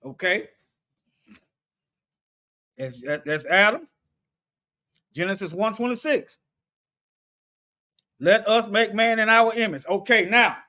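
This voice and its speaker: A man with a notably high voice works slowly through scripture in an unhurried, casual study. His speech is colloquial and loose, and he repeats and restarts phrases as he checks word meanings and reasons things out aloud. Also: animated, sharp tone. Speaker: Bible study teacher.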